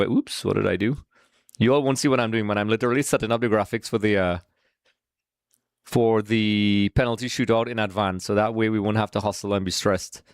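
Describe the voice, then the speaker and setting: A man's voice: on the low side, no echo, studio quality. A man hosting a live football watch-along stream, chatting casually with viewers and calling them folks while he sets up graphics.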